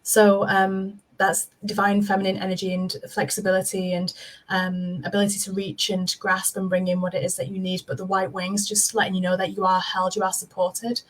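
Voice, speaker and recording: Soft-spoken woman giving a spiritual reading. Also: medium pitch, monotone, normal speed, low-quality recording. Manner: soft, flowing, reassuring. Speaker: intuitive reader, guest. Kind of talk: live-stream spiritual reading. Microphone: video call.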